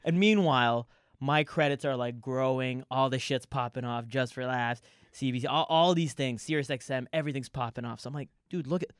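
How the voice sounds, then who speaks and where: Laughing, profane comedian. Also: male voice, medium pitch, a little fast, clean tone, dry recording, studio quality. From Canada. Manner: profane, laughing, acts out both sides of dialogue. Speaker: comedian guest. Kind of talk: casual storytelling chat.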